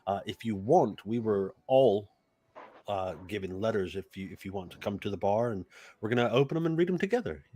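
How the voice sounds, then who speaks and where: A man's voice: lowish voice, lively intonation, brisk, warm tone. A man narrating a tabletop game as game master, talking loosely with lots of fillers. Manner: rambling, loose, with many fillers.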